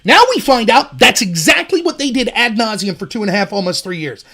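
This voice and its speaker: A man hosting a political commentary show, talking in an animated and sarcastic way. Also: high-pitched, brisk. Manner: animated, sarcastic, mimics opponents mockingly. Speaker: host.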